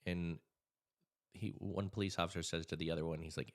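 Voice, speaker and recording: A man's voice: low voice, fairly quick. A man who works as a hypnotist and anxiety coach tells a story to camera in a casual way, then gives advice, acting out the voices of people in the story. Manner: animated storyteller, acts out quoted voices.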